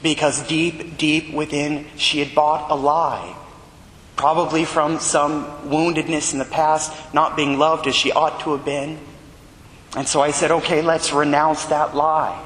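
Earnest priest preaching in echoey church. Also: male voice, measured pace. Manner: earnest storytelling preacher, rising animated when retelling dialogue. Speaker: Catholic priest. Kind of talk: sermon. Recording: echoey church hall with long reverb and faint rumble.

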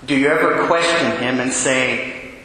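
Earnest priest in an echoey church. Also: male voice, medium pitch, unhurried, background noise. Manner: earnest, asks the listeners many direct questions. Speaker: Catholic priest. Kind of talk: homily. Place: large church. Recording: very echoey church with long reverb.

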